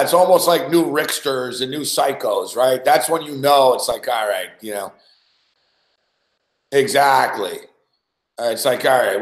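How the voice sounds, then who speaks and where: Male radio host, casual and profane, roomy studio sound. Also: medium pitch. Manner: profane, storytelling, laughs often. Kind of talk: casual chat.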